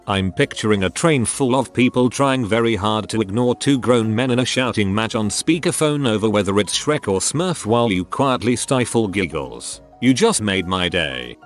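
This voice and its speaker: Male story narrator, low-pitched and expressive, reads online anecdotes. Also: normal speed, hardly any pauses, faint music behind. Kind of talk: reading online stories aloud.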